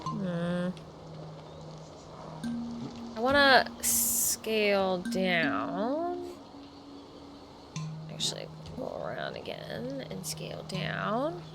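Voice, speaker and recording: A woman's voice: medium pitch, huge pitch swings, extremely slow, creaky, long pauses. A woman chatting casually on a live stream while gaming, reacting aloud and greeting viewers. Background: game music.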